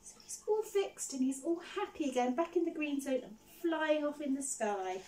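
A woman teacher reading a picture book aloud to children, animated and often stopping to ask them questions. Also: high-pitched, normal speed, recorded from a distance, slight background noise, low-quality recording. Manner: animated, asks the listeners questions.

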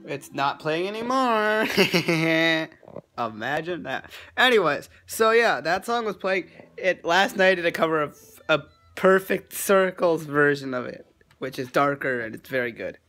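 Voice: mid-range voice, lively intonation, a little slow, a bit bright, soft background music. A vlogger talking in a casual, rambling way, often giggling at their own jokes. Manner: rambling, giggly, self-amused.

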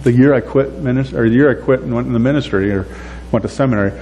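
A man preaching a sermon as a pastor, talking in a relaxed, conversational way and acting out the prayers he quotes. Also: mid-range voice, fast talker, lo-fi sound, soft background music. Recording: echoey hall with faint hum.

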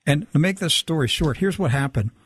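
Husky, lively-voiced man telling a story. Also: on the high side, a little fast, dry recording. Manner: animated, acts out quoted dialogue. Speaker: guest storyteller. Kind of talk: casual spoken storytelling.

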